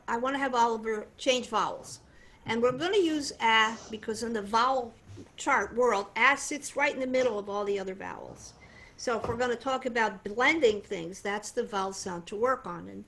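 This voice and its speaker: Older lady voice teacher, bright voice, chatty animated explaining. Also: fairly high pitch. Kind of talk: voice lesson demonstration and explanation.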